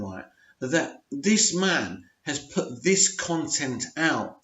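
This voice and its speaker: A man's voice: a little high, very animated, slow, fairly bright tone. A man giving an unscripted, frustrated rant as a TV review vlogger, full of emphatic rhetorical questions. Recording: roomy, dull lo-fi sound.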